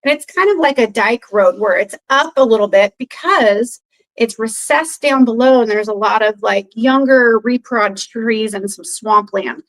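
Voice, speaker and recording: A woman's voice: a little high, a little slow, low-quality recording. A woman guest telling a story in casual chat, rambling with many fillers and acting out other people's quoted lines. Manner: animated retelling, acts out others' quoted lines. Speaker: podcast guest.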